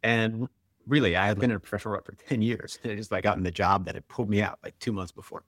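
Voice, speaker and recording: A man's voice: fairly low pitch, steady tone, quick pace, a bit bright, no room sound, clean studio sound. A man in his forties, a guest and author, telling stories candidly in conversation, with lots of "like" and "right?". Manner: candid, uses many "like" and "right?" fillers. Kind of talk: storytelling in conversation.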